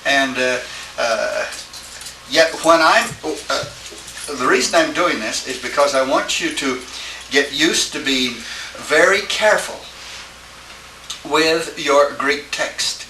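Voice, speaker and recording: A man teaching a Greek class, lecturing haltingly and often checking with his students. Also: mid-range voice, sharp tone. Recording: echoey room, distant mic, faint hiss.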